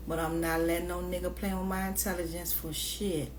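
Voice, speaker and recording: A woman vlogging in a casual rant, moving from quiet, hushed asides to loud, laughing storytelling. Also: fairly low pitch, little pitch movement, brisk, hardly any pauses, a little hiss or hum.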